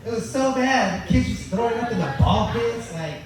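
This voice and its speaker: A man's voice: very high-pitched, normal speed, loud music behind the voice. A man performing a crude, profane stand-up comedy set at an open mic. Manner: crude, profane and deadpan-boasting. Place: open mic venue, echoey room. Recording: very echoey room from far off.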